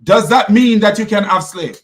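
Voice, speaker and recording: A man with a high voice argues hard in a heated religious debate. He presses the same question again and again and talks right over the other man. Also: moderate pace. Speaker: channel host debating a caller.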